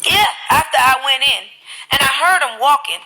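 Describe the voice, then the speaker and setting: A woman live streaming, telling her stories in an animated, profane way into a phone mic. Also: high voice, moderate pace, rough recording. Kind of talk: casual live-stream chat.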